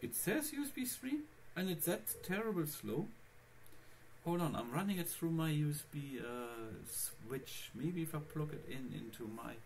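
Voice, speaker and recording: A man's voice: a little high, expressive, a little slow, slight background noise. A man vlogging casually about his computer setup, rambling and talking straight to his viewers. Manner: rambling, chatty, addressing viewers. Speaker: Linux vlogger. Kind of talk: casual screencast vlog.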